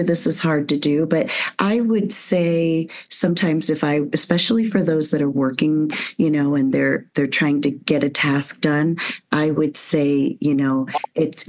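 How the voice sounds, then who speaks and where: Brief: interview host, woman, very low voice, affirming and chatty. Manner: warm, affirming, rambling with restarts. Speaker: podcast host. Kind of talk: conversational interview.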